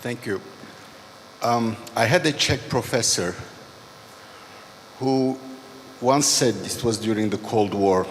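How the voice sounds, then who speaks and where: A man from the audience lays out his question slowly and deliberately, stopping now and then to find the next phrase. His mid-range voice rings in a large hall over a faint background hum. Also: medium pitch. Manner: deliberate, pausing. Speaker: audience member asking a question. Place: conference hall.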